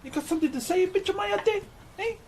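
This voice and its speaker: A man putting on a stereotypical tough male cholo gangster in a high, strained, shouty impression. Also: fast talker, creaky. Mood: tough mock-angry.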